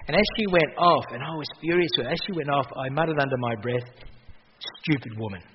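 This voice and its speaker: A man's voice: fairly high pitch, fast, husky. A man preaching a sermon in a conversational way, with humor and sudden emphatic rises. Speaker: pastor. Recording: dull, lo-fi recording with long hall reverb and faint noise.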